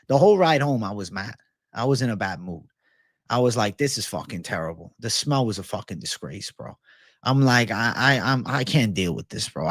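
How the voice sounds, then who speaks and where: A man's voice: mid-range voice, no echo. Livestream host, male, swears constantly, rants, dry booth-like sound. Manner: profane, ranting, reads viewer comments. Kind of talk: casual livestream Q&A.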